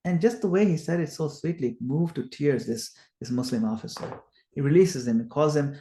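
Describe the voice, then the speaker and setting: A man teaching a scripture study class, retelling the stories in a lively way and acting out the quoted lines. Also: fairly high pitch, a little fast. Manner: animated retelling, acts out quoted lines loudly. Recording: echoey room.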